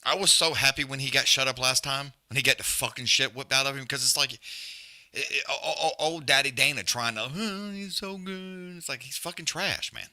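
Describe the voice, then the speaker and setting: A man's voice: medium pitch, a little fast, pushed and bright. A man hosting a live fight watch-along, trash-talking fighters in blunt, profane casual chat. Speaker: live stream host.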